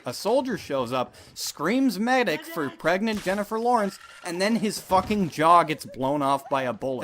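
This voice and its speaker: A man's voice: a little high, fairly bright tone. A man giving a sarcastic, profane, exasperated movie review. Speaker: film reviewer.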